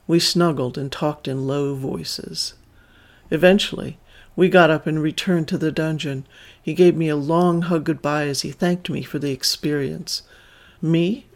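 A man reading a first-person story aloud in a calm, measured, intimate way. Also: fairly high pitch.

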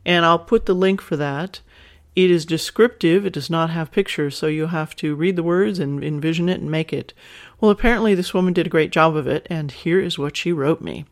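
A woman's voice: low voice, a little fast. A woman hosting an advice podcast, talking frankly and casually, reading listener emails and laughing often. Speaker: sex advice podcast host.

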